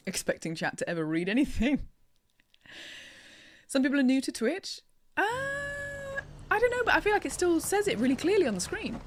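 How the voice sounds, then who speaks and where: A woman's voice: sits high, huge pitch swings, moderate pace. An English woman from England chatting playfully with her live-stream chat while she plays, teasing viewers and laughing often. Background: game music.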